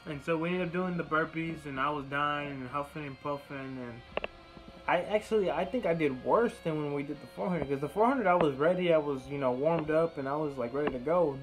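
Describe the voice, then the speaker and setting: A man's voice: fairly high pitch, fairly quick, low-quality recording. Rambling young man, music behind. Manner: rambling, profane, retells dialogue in quoted bursts. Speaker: vlogger. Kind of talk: casual storytelling monologue. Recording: music playing clearly behind the voice.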